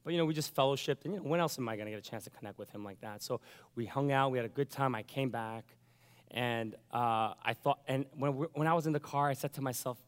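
A man's voice: mid-range voice, fast, in a large hall. A pastor telling a personal story in a sermon, acting out his own thoughts and the lines of others as he goes.

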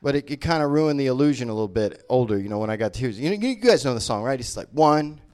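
A man's voice: mid-range voice, animated, fast talker, a little mellow, smooth. A man from Memphis, doing live stand-up on stage in a small venue, rambling energetically and laughing at his own jokes. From Memphis, Tennessee. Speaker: stand-up comedian.

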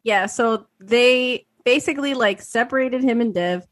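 A woman in her thirties co-hosting a podcast, telling an animated story with lots of swearing and acted-out quotes. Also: fairly high pitch, measured pace, dry recording. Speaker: podcast co-host. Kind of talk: casual chat.

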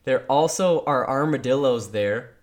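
A man's voice: medium pitch, a little slow. A man co-hosting a casual podcast chat, rambling and teasing his friend, with frequent swearing. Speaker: podcast co-host.

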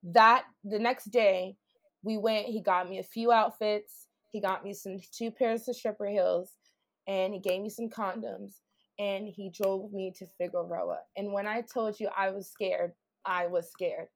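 A woman's voice: medium pitch, steady tone, measured pace. A woman being interviewed, telling her own story in a blunt, profane way with many "like"s. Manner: blunt, profane, heavy use of "like". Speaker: interview guest. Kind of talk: candid personal storytelling.

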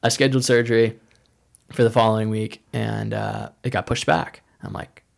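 A man with a low, gravelly voice tells a personal story in a loose, conversational way. He rambles, leans on "like" again and again, and slips into the voices of people he quotes. The delivery is casual and unpolished. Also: flat delivery, moderate pace. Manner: rambling, heavy use of "like", acts out quoted dialogue.

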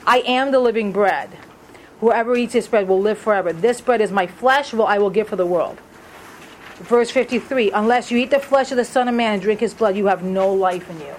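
A woman's voice: mid-range voice, fairly quick, darkish tone, a little hiss or hum, poor audio. A woman leading a Bible study in a conversational way, asking the group questions as she reads through verses. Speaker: Bible teacher.

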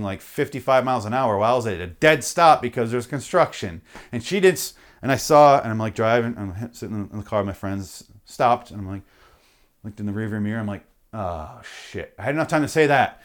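A man hosting a solo comedy podcast, swearing freely and slipping into mock voices. His pitch swings widely as he talks, lively and animated. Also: brisk. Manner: profane, animated, acts out bits. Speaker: podcast host.

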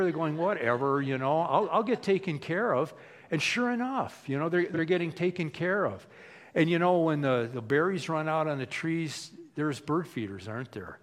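A man's voice: fairly high pitch, expressive, normal speed. A man preaching in a casual, conversational way, acting out little quoted voices as he tells stories. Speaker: pastor. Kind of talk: casual sermon.

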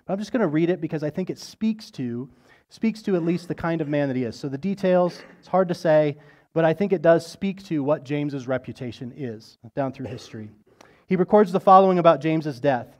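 A male pastor delivering a sermon with a fairly high voice. He tells stories conversationally, with restarts and asides, and swells with intensity on the dramatic parts before sinking low and quiet at the ends of phrases. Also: a little fast. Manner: storytelling, rising in intensity on quoted lines, dropping low and soft at phrase ends.

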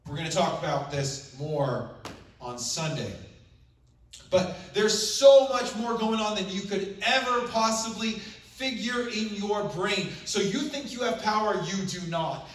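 A man's voice: sits high, animated, unhurried. A man, a pastor, giving a sermon that reads scripture and then retells it in casual, conversational words. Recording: very echoey room, voice from far off.

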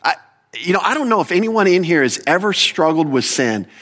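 A man preaching a sermon as pastor, with animated emphasis, rhetorical questions and quick self-corrections. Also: sits high.

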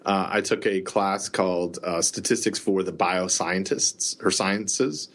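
A man's voice: deep voice, fairly even intonation, measured pace, fairly bright tone. A middle-aged man co-hosting a podcast, telling rambling stories in casual chat and laughing often. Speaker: podcast co-host.

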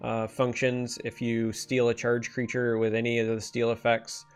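A man with a northern Michigan accent and a faintly nasal voice talks in an easygoing, rambling way. He sounds mid-pitched, and soft music plays behind him. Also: monotone, moderate pace, smooth. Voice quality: slightly nasal. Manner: easygoing, rambling, explains game rules at length. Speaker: stream co-host. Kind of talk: casual chat.

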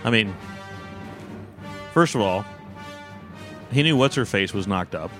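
A man's voice: lowish voice, expressive, a little slow, a bit bright. A man in casual chat, skeptical, cutting in to correct others. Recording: music playing behind voice.

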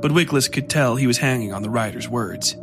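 Man narrating a dark horror story. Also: medium pitch, a little fast, gravelly, over music.

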